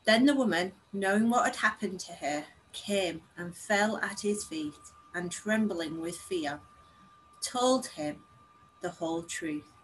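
A woman reads a scripture passage aloud to a congregation. Her reading is measured, earnest and unhurried, with a faint hum of room sound behind it. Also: medium pitch, expressive, rough recording. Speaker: scripture reader.

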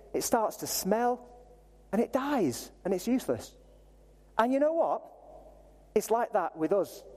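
Animated preacher in a reverberant hall. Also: male voice, high-pitched. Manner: animated, conversational, self-deprecating asides. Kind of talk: sermon.

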